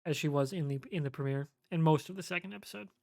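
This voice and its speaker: A podcast co-host giving a measured, analytical take in casual chat, with many fillers. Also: medium pitch, vocal fry, a little mellow, no echo, studio quality.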